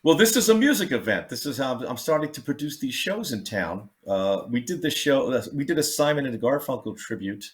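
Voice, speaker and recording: A man's voice: brisk, hardly any pauses. An older man, a comedian, telling stories in a casual chat and acting out the people he quotes. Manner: animated, acts out quotes with big jumps in pitch. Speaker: comedian guest.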